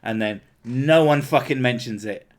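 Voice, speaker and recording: A man's voice: medium pitch, moderate pace. Man with a southern English accent, near-posh, hosting a stream; loose, jokey and sweary. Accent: southern English, Home Counties. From Home Counties, England. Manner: swears a lot, loose and joking. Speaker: streamer host. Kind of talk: casual livestream chat.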